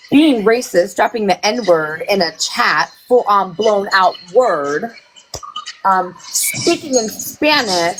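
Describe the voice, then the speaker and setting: Woman, livestream commentator, sassy, profane, mid-pitched, faint clicks behind. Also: noisy background. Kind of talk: casual drama commentary.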